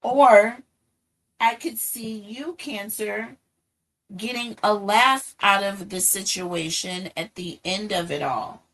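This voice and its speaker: A woman's voice: medium pitch, slow pace, fairly bright tone, poor audio. A woman giving a casual tarot reading, musing aloud and checking in with her listeners. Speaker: tarot reader.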